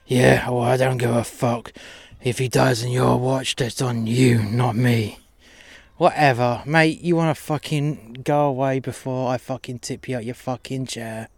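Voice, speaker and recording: A man's voice: medium pitch, steady tone, measured pace, gravelly, no echo. A man playing a sneering pimp boss. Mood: mocking. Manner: swearing, mocking, boastful.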